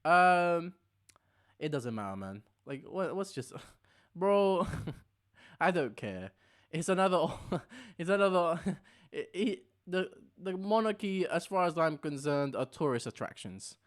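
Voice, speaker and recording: A man's voice: on the high side, very animated, takes it slowly. A young man co-hosting a casual podcast chat, jokey and sarcastic, laughing often. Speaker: podcast co-host.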